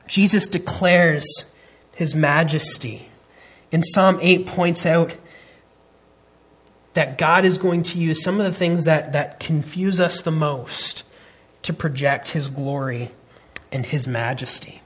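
Husky-voiced man preaching a sermon. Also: on the high side, fairly even intonation, measured pace, a bit bright. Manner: earnest, emphatic preaching with frequent restarts. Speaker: pastor.

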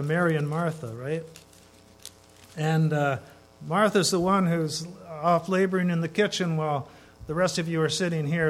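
A man preaching as a guest in a church, talking conversationally and asking the congregation questions as he goes. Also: on the high side. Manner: conversational, asks the congregation questions, varies pace for emphasis. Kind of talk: sermon. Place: church sanctuary.

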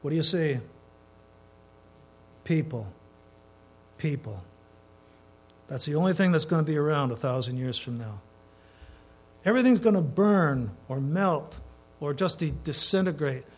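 A man preaching as a guest in a church, talking conversationally and asking the congregation questions as he goes. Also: a little high. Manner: conversational, asks the congregation questions, varies pace for emphasis. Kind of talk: sermon. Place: church sanctuary.

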